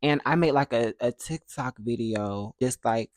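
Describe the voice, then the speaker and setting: A young vlogger tells a personal story at an unhurried pace in a mid-range voice, lively and animated, slipping into playful voices to act out what other people said. He's close to the mic in a dry room with no echo.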